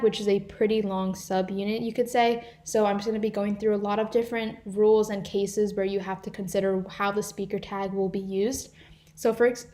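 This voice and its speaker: Teen girl explaining punctuation rules over a computer mic, steady voice, says um and you know a lot. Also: medium pitch. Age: teens. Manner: explanatory, walks through slide examples with fillers. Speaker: volunteer grammar tutor. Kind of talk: live online class teaching.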